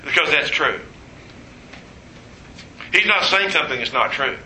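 A man preaching a sermon, telling stories with humor and quoting voices in an animated way. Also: on the high side, unhurried, reverberant, a little hiss or hum, poor audio.

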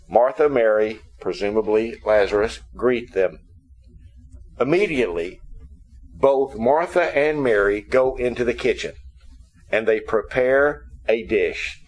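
A man's voice: medium pitch, poor audio. A man preaching in an ordinary mid-range voice. He tells the story with humor and stops often to explain the scripture to his listeners. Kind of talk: sermon.

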